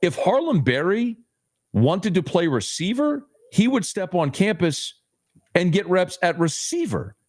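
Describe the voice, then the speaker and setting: A man's voice: sits high, very animated, no room sound. Emphatic man on a dry call. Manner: emphatic, teasing, rapid bursts. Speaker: sports radio host, guest. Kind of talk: animated podcast chat.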